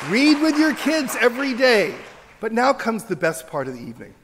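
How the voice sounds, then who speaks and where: A man's voice: extremely high pitch, huge pitch swings, moderate pace, a crowd in the background, noisy background. A man in his sixties, a teacher, giving a joking, emphatic lecture on a stage microphone in a large auditorium. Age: 60s. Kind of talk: humorous, animated public lecture. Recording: reverberant auditorium lecture recording.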